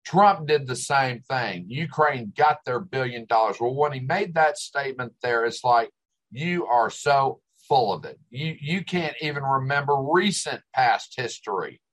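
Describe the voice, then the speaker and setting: A man's voice: medium pitch, animated, unhurried, fairly bright tone, poor audio. An older man hosting a talk show, ranting with exasperation and sarcasm. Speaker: host. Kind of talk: ranting commentary.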